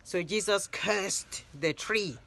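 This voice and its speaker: A woman narrating Bible stories in a lively retelling, raising her voice for the quoted lines. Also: medium pitch, takes it slowly, gravelly. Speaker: Bible storyteller.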